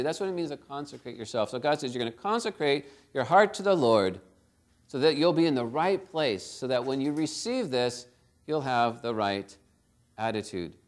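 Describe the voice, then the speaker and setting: A middle-aged man preaching a conversational sermon, often checking in with "right?" and acting out the quotes he tells. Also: on the high side. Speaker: pastor.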